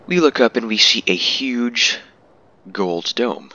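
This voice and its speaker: A man's voice: medium pitch, lively intonation, slow, sharp tone. A man giving casual, laid-back commentary over a game walkthrough, amused at himself at times, on a dull lo-fi mic.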